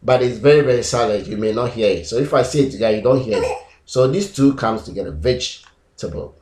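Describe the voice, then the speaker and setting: A man teaching pronunciation, repeating example words slowly and syllable by syllable. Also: mid-range voice, darkish tone. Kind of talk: classroom-style lesson. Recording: echoey room.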